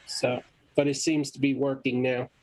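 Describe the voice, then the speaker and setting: A man's voice: medium pitch, level tone, normal speed, a little mellow, dry recording. A man at a tabletop game session, plainly explaining a technical fix. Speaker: player. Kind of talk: casual chat.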